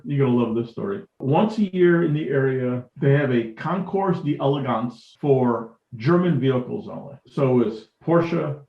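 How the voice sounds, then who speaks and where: A man telling stories as a podcast guest, acting out what people said to him. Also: a little high. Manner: animated anecdotes, acts out dialogue. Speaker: guest, tractor collector. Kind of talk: storytelling in a podcast interview. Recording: echoey room, dull lo-fi sound.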